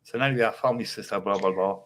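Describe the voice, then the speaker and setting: A man chats on a livestream, rambling from one thing to the next and swearing freely. His voice sits a little low. He talks like a casual guest calling into a panel show. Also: quick pace, fairly bright tone. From North East England. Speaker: guest streamer.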